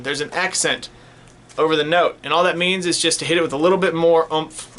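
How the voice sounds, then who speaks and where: Bright-voiced man teaching drum lesson. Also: on the high side, slight background noise. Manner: patient, checks in with "okay?". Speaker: music teacher. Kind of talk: casual classroom instruction.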